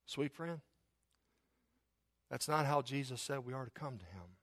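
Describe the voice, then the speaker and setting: Animated male preacher, acts out voices. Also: mid-range voice, brisk. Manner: jokes about himself. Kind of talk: sermon.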